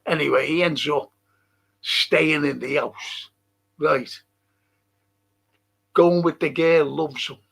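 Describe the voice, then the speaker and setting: Older man with a gravelly, husky voice. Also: fairly high pitch, steady tone, takes it slowly, long pauses, fairly bright tone. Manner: rambling and profane, chuckling often. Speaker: livestream host. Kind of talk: casual rambling chat, reading viewer comments.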